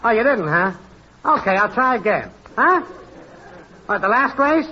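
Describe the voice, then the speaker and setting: A man's voice: high voice, very animated, measured pace, breathy edge, heavily acted. An actor playing a brash, stubborn male network technician in 1940s radio comedy, wisecracking and calling out in a singsong. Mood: cocky. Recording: dull old radio broadcast recording.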